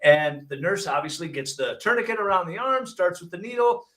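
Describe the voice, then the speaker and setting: A man's voice: high voice, fairly quick, recorded from a distance. A man from Michigan, a hypnotist and paramedic, telling an anecdote casually and acting out the dialogue with wry jokes. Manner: animated storyteller, acts out dialogue with wry jokes. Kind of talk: casual storytelling.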